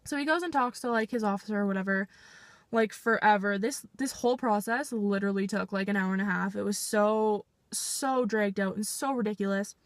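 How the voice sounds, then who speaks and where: A woman's voice: mid-range voice, fairly quick, dry recording. A 19-year-old woman from Canada ranting in an exasperated storytime vlog, swearing and saying "like" constantly. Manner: exasperated, swearing, heavy use of "like". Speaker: vlogger. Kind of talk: storytime rant.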